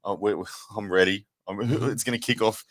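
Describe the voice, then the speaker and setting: A man's voice: fairly low pitch, steady tone, normal speed, fairly bright tone. A man hosting a late-night live watch party stream, chatting casually and thanking viewers, tired. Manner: upbeat, thanks viewers often.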